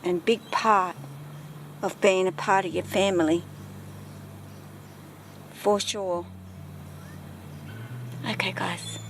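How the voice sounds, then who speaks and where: A woman's voice: mid-range voice, steady tone, slow pace, long pauses, a little hiss or hum. A woman chatting casually to camera outdoors while filming her pets, with a handheld camera. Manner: chatty, talks baby talk to her cat. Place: outdoors in a yard. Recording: music playing under the voice.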